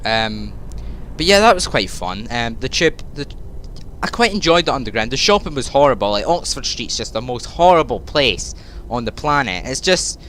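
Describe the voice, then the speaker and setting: A man's voice: mid-range voice, sing-song, moderate pace, fairly bright tone. A teenage boy with a Scottish accent, rambling through casual gameplay commentary and often correcting himself mid-sentence. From Scotland. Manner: chatty, tangential, self-correcting. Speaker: gaming YouTuber. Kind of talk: rambling let's-play commentary. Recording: truck engine and traffic sounds under voice. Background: driving game sounds with reversing beeps.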